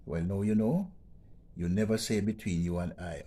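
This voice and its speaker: A man's voice: on the low side, fairly even intonation, moderate pace, mellow. A man teaching a grammar lesson, explaining patiently and checking in with "okay?" as he repeats each point. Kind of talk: educational vlog lesson.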